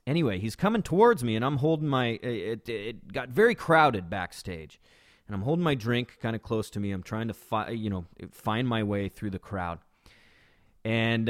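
A man's voice: fairly low pitch, no room sound, studio quality. A man hosting a podcast and telling a story casually, rambling with many fillers and restarts. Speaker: podcast host.

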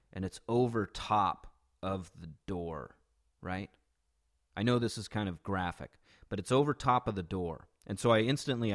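A man recounting a shocking street incident in a casual, conversational way, often restarting and adding "right?" asides. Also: on the low side. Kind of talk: personal storytelling.

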